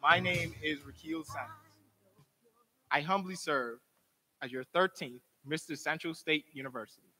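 Young man, formal farewell speech, earnest and heartfelt, bright tense voice, long hall reverb. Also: a little high, normal speed, pauses often, faint music behind. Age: young adult. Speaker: outgoing university pageant title holder.

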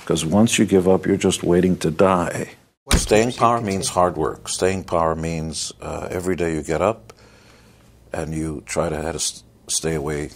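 Blunt, deep-voiced, husky man. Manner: blunt, wisecracking, emphatic. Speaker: interviewee giving success advice. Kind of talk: motivational talk.

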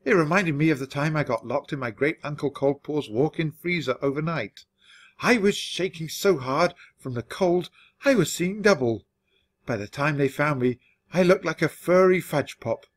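A man reading a children's story aloud in an expressive, measured way for English learners. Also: a little high. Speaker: storybook reader.

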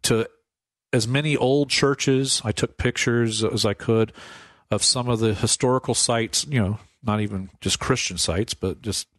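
A man's voice: medium pitch, unhurried, no echo. Priest guy telling stories on the radio, laughs a lot, does little voices, dry close mic. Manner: animated, laughs often, acts out quoted voices. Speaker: priest guest. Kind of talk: casual storytelling interview.

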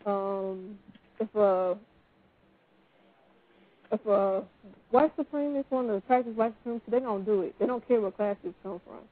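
A woman calling into a talk show, telling a personal story in an animated, indignant way. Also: mid-range voice, moderate pace, pauses often. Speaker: caller. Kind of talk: call-in talk. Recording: tinny phone line.

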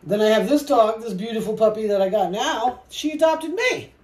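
A woman vlogger chatting casually while she paints, soft-spoken and reflective, often trailing off mid-sentence. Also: fairly high pitch, animated, moderate pace. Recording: roomy echo with faint noise.

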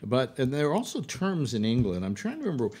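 Host type: American man, casual panel talk, lively swings in pitch, plenty of restarts. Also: fast talker, slightly rough. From United States. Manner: animated, full of restarts and fillers. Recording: online call audio.

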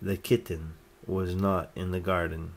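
A man reading a children's picture book aloud, gently lifting his voice for each character's lines. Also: low-pitched, little pitch movement, unhurried, creaky, slight background noise. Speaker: storyteller.

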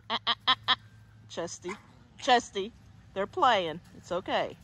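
A woman's voice: mid-range voice, animated, unhurried, pauses often, fairly bright tone, a little hiss or hum. A woman fostering dogs, talking casually and cooing coaxing baby talk to puppies in an outdoor yard. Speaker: dog foster carer.

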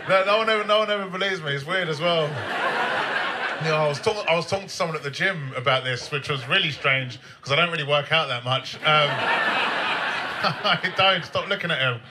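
A man's voice: fairly high pitch, moderate pace. Giggly man telling a stand-up story. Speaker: stand-up comedian. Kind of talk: stand-up routine. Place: comedy club stage with live audience. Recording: noisy live club recording.

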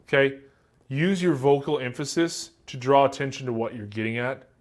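A man with a medium-pitched voice and a light Southern American accent teaches a class at a moderate pace. His lecture is casual and joking, and he acts out example answers.

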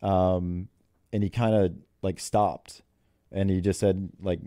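A man's voice: low-pitched, flat delivery, takes it slowly, dark tone, dry recording, studio quality. A man who is a head golf coach, telling stories in an interview in a chatty way and laughing often. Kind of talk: interview storytelling.

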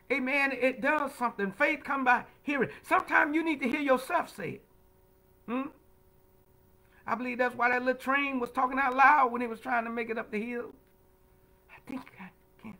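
High, bright-voiced preaching man. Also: poor audio. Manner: call-and-response preaching, frequent "amen" and "huh?"; repeats words, stammering restarts. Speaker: pastor leading Bible study. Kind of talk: livestreamed Bible study teaching.

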